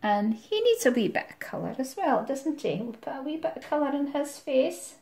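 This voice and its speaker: A Scottish woman telling a rhyming story to children while drawing, gentle and rhythmic, with soft asides. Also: high voice, sing-song, normal speed, gravelly, roomy sound. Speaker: music tutor.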